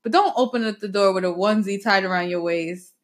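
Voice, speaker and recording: A young woman hosting a podcast, telling profane, animated stories between bursts of laughter. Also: mid-range voice, fast. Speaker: podcast host. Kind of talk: casual storytelling chat.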